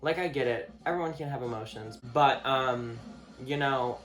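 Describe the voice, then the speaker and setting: A man's voice: normal speed, a bit bright, soft background music. Profane young-sounding man ranting casually. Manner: profane, filler-heavy, mocks others in a higher voice. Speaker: vlogger. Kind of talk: casual rant to camera.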